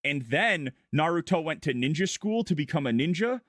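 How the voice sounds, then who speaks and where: Casting note: male vtuber, slightly higher voice, irreverent rambling recap, dry close mic. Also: expressive, moderate pace, a bit bright, no echo. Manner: goofy, irreverent, breathless run-on storytelling. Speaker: vtuber streamer. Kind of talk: casual rambling plot recap.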